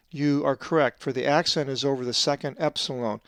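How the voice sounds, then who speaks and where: Brief: male teacher, mid-pitched, dry close sound, measured and methodical, stretches out the example words. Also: fairly even intonation, smooth, no room sound. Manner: methodical, drawn-out slow stress on Greek words. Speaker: Bible translator teaching Greek pronunciation. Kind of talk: scripted teaching lesson.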